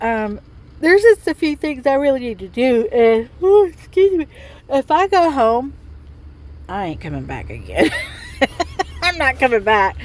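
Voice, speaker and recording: A middle-aged woman with a drawl talks through a casual vlog, rambling from point to point with plenty of fillers. She speaks from inside a parked truck. Faint noise hums in the background, and her voice sits at an ordinary middle pitch. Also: poor audio. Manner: chatty and rambling, with many fillers. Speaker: vlogger.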